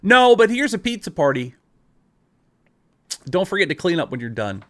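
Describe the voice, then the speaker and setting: A man's voice: sits high, very animated, normal speed, fairly bright tone. A man playing a smug, greedy boss who breezily brushes off his workers.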